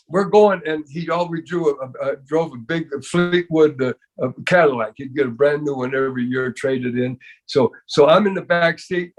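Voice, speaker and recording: An older man spins a long story in a casual interview, stumbling and restarting, dropping "man" and "you know" all through. His voice sits a bit higher than most men's. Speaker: interview guest.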